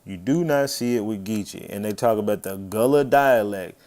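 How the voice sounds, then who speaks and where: Man, live-stream host, mellow dark voice, loose casual talk. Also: lowish voice, moderate pace. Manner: talks to viewers by name, swears freely. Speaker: livestream host.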